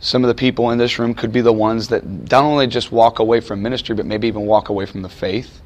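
Speaking quickly with a lowish voice and fairly even intonation, a man preaches to a room of students in a chapel or lecture hall. His manner is conversational and emphatic, and he acts out the voices of people he quotes.

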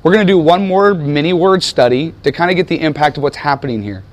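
A man's voice: on the high side, quick pace. An American man teaching a sermon in a conversational way, asking his listeners questions and searching aloud for words. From United States. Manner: conversational, asks the audience questions. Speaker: pastor.

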